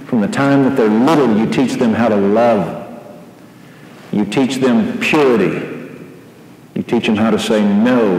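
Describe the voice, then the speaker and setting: A middle-aged man preaching a sermon to a live audience, telling lively stories. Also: fairly low pitch. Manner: animated storytelling, rising to shouts in quoted lines. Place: large hall before a live audience. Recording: echoey hall recording with faint hiss.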